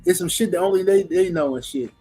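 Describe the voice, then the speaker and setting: A man's voice: high-pitched, fast talker, mellow, soft background music, rough recording. Man rambling in profane podcast banter. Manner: loose, filler-heavy, profane. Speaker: podcast co-host.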